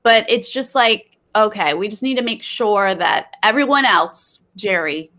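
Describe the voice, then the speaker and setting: A woman's voice: mid-range voice, animated, measured pace, pushed and bright. A woman co-hosting a podcast, chatting casually through a recap with opinionated critiques. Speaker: podcast co-host.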